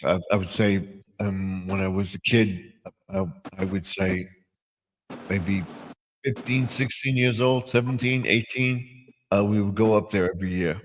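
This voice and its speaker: Older man, low voice, rambling chat. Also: a little hiss or hum, low-quality recording. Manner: rambling, with many restarts and fillers. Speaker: live stream host. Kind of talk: casual chat.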